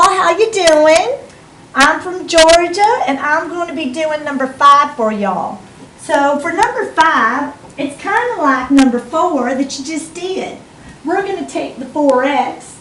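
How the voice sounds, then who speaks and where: A woman's voice: high voice, a bit bright, echoey room, distant mic, slight background noise, low-quality recording. Woman putting on a folksy Southern teacher. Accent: Southern US, put on. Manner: folksy, drawling, chatty. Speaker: math teacher. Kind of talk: math lesson in a put-on accent.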